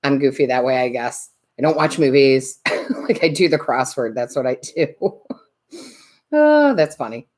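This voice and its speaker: A woman's voice: a bass voice, fairly even intonation, normal speed, darkish tone. A woman hosting a live tarot stream, chatting casually, laughing often and greeting viewers by name.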